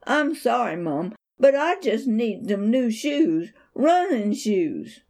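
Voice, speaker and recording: A woman's voice: a little high, big pitch swings, takes it slowly, darkish tone, pitched above the performer's own voice, exaggerated voice. A woman voicing a poor, earnest young boy in a read-aloud children's story, speaking in a polite, pleading childlike voice. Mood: earnest, worried.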